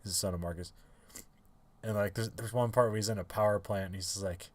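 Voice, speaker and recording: Rambling podcast guy, lowish voice. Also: fairly even intonation, quick pace, no room sound. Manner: rambling, full of fillers and restarts, laughs often. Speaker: podcast co-host. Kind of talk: casual chat.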